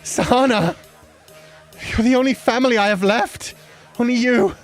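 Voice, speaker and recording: A woman's voice: on the high side, moderate pace, natural voice. A woman voicing a mentally unstable young male author who pleads frantically and repeats himself, with faint game music behind. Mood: pleading. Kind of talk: voicing visual novel lines.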